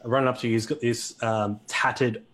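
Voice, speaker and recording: A man's voice: medium pitch, steady tone, a little fast, fairly bright tone. A man narrating a tabletop game as game master, hesitant with many fillers.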